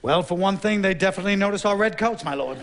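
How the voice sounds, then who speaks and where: A man's voice: high-pitched, fast, noisy background. A man voicing a dutiful, anxious general reporting to his king. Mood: deferential. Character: dutiful, anxious royal war-council general.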